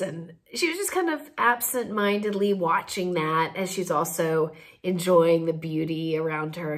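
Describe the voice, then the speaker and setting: A woman casually telling a funny anecdote, laughing often as she talks. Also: on the low side. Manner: giggly, laughs through the telling, animated. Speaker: storyteller host.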